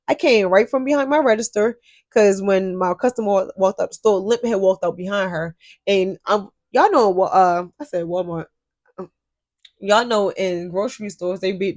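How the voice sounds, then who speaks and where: A young woman telling a workplace drama story to her viewers, animated and profane, often addressing them directly. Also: medium pitch, no room sound. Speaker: store cashier telling a story. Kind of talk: storytime vlog.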